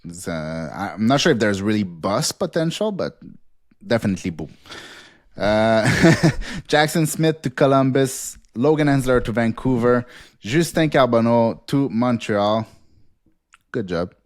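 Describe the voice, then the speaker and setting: Man rattling off a fast rundown. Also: medium pitch, sing-song, no room sound, clean studio sound. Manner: rapid rundown with fillers and laughs. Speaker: podcast host. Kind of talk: casual podcast chat.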